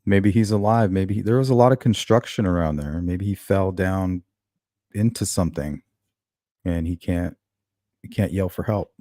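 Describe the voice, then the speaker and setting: On his true-crime livestream, a man offers casual commentary, thinking through a case and saying hello to people in chat. He speaks at a moderate pace in a low voice with a dark tone, and the recording is dry and studio quality.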